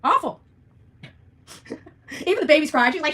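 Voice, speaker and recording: A woman's voice: high-pitched, very animated, a little slow, fairly bright tone. A woman vlogger ranting to her viewers in a blunt, profane, sarcastic way. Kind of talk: ranting livestream vlog.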